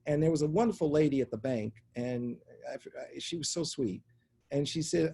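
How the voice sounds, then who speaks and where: A middle-aged man, a guest in a conversation interview, telling a long personal story with animated energy and acting out the people in it. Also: a little high, fairly quick, vocal fry, a little hiss or hum. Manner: animated anecdotal storytelling, acts out voices in quotes. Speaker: interview guest, media executive.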